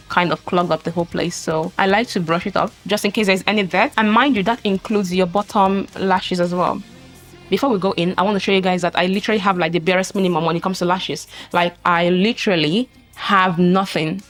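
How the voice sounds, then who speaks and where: A woman with a lowish voice walks through a makeup tutorial in a relaxed, chatty way. She talks while she works and keeps apologizing as she goes. Faint music plays under her voice. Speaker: beauty vlogger. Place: home, filming herself at a mirror.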